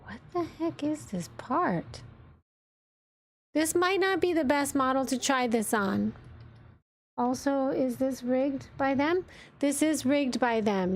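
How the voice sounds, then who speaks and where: A woman VTuber streamer chatting casually with viewers, thinking aloud and giggling while she sets up her software. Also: high voice, expressive, takes it slowly. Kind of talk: casual livestream chat while setting up software.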